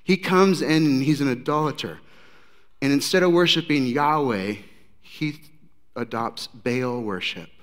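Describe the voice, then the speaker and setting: A man preaching a sermon in a conversational, animated storytelling way. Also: mid-range voice, unhurried. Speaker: pastor.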